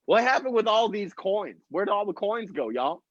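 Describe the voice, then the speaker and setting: On a small stage in front of a live crowd, an American comic delivers a relaxed, meandering set and chuckles at his own material. He speaks at normal speed in a high-pitched, very animated voice, and the slightly muffled recording is dry with no echo.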